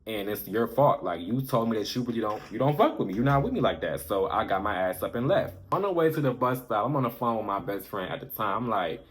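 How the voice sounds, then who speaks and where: A man with a low, deep voice tells a personal story to camera in a loose, candid way. He is frank and profane, and he gets animated as he relives the moments. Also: fairly quick, hardly any pauses. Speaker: storytime vlogger.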